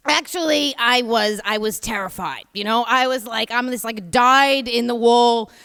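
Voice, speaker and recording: A woman's voice: a little high, moderate pace, creaky, fairly bright tone, smooth. A woman from New York with a New York accent, hosting and telling a comic story on a live stage with many chatty asides. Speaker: host and storyteller. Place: theater stage. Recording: reverberant live theater sound.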